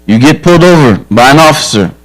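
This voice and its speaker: Speaking quickly and expressively in a voice on the high side, a police officer addresses children at a church camp about safety. He's direct and earnest, frankly sharing stories from his own life, all on a rough recording.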